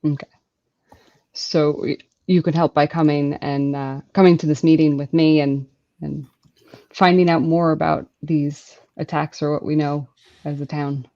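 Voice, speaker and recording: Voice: medium pitch, little pitch movement, a little slow, dark tone. A tabletop player roleplaying their character, speaking hesitantly with fillers. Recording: dull lo-fi audio.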